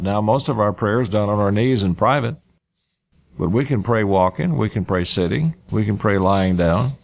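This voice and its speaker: Gravelly-voiced male preacher. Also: medium pitch. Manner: reads scripture aloud and paraphrases it in plain speech. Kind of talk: sermon.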